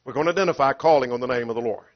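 A man's voice: mid-range voice, very fast. A man preaching an expository sermon, emphatic and driven by rhetorical questions, acting out the quoted voices. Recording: dull lo-fi sound.

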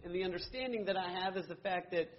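A man's voice: high-pitched, quick pace, lo-fi sound, a little hiss or hum. A man teaching a Bible study class, earnestly asking questions and answering them himself, with frequent restarts.

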